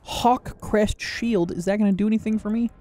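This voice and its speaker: A man giving casual gameplay commentary, joking, swearing and reacting loudly to the game. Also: sits high, steady tone, moderate pace, faint music behind. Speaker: gaming video creator.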